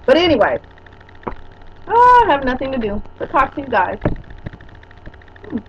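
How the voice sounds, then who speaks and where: Chatty high-voiced woman on a webcam. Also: sing-song, normal speed, muffled recording, a little hiss or hum. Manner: chatty and rambling, teasing. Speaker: vlogger. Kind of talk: casual webcam chat. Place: at home indoors.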